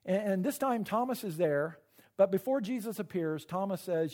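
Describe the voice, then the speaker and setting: A man's voice: high-pitched, animated, darkish tone. Earnest, emotional man preaching a sermon. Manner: emotional, halting, repeats words; earnest and personal. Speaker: pastor.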